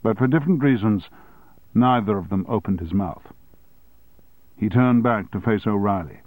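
A man narrating an audiobook in a steady, low-key manner. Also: normal speed, no room sound, narrow, tinny audio.

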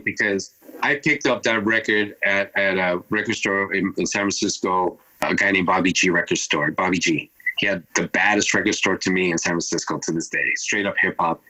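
A man in his fifties, a turntablist guest telling a rambling, animated story and acting out what people said. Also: lowish voice, rough recording. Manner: rambling, animated retelling with acted-out quotes. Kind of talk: casual storytelling.

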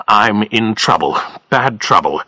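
A man's voice: on the low side, expressive, slow, sharp tone, dry recording, heavily acted. A man voicing a nervous, desperate middle-aged man in trouble, pleading and urgent in a storybook reading. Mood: pleading, panicky. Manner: pleading, rising and shaking with panic.

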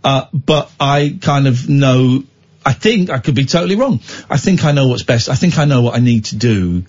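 A man's voice: medium pitch, expressive, normal speed, darkish tone. A man hosting a late-night radio phone-in, talking bluntly and jokily, often rambling and restarting. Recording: dull lo-fi radio broadcast.

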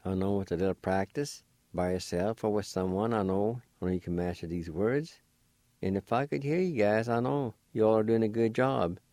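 A man teaching vocabulary in a radio lesson, spelling words letter by letter and sounding out each syllable slowly and deliberately. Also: lowish voice, warm tone, no echo. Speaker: language teacher.

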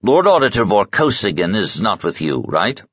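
A curt, anxious consul snaps out his questions in short, sharp bursts. A man reading an audiobook plays him. He sits a notch above the reader's deep natural voice. The booth recording is dry and a touch dull. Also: big pitch swings, moderate pace, breathy edge, no room sound, exaggerated voice. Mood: tense. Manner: sharp, clipped. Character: curt anxious male consul, middle-aged.

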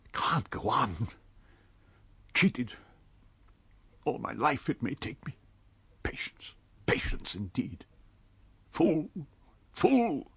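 A man's voice: mid-range voice, huge pitch swings, slow pace, gravelly, pauses often, husky, no room sound, full character voice. A man voicing an irritable, secretive stranger who snaps in clipped outbursts. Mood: muttering.

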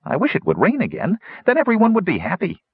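A man voicing a timid, tearful male gnome weather seer who whines and pleads in a high voice. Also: fast talker, husky, no room sound, exaggerated voice. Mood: whiny. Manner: whiny, pleading, high and excitable. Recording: dull lo-fi audiobook recording.

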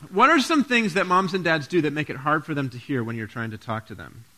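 Lively pastor giving a children's sermon. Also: male voice, a little high, fast talker. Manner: playful, asks kids questions.

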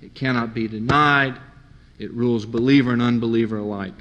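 A man's voice: medium pitch, a little fast, highs cut off. A man telling stories from his youth in a sermon, acting out his friends' voices as he goes. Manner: animated storyteller, mimics friends. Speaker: preacher. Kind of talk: sermon with storytelling. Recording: long hall reverb.

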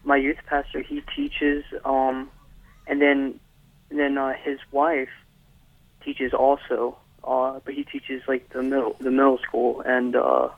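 A man's voice: medium pitch, completely flat delivery, takes it slowly, vocal fry, dry recording. A man from North Carolina calling into a radio show, hesitant and full of ums and restarts. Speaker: caller. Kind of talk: phone-in question to a radio show. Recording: tinny phone line.

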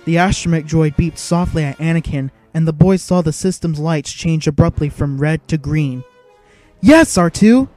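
A man's voice: fairly high pitch, steady tone, normal speed, few pauses, mellow, soft background music. A man giving dramatic, vivid scripted narration of an audiobook.

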